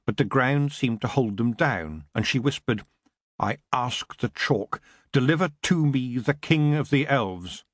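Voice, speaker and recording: A man narrating an audiobook in an expressive, dramatic reading. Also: medium pitch, slightly rough, no echo.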